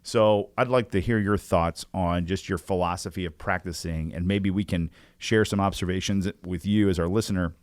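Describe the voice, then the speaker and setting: A man's voice: deep voice, steady tone, moderate pace, few pauses, dry recording. A man co-hosting a podcast, chatting casually in an upbeat, joking way and laughing often. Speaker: podcast co-host.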